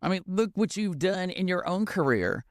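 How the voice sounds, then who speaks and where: A man's voice: high voice, lively intonation, moderate pace, no echo, clean studio sound. A man, a podcast guest, telling a heartfelt story in a tearful, emotional way, with many fillers and restarts.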